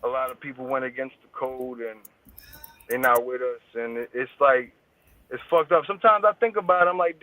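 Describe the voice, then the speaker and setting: A man's voice: medium pitch, normal speed, pushed and bright, no echo. A man as an interview guest, talking in casual street slang with heavy swearing. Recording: tinny phone-like line, dry.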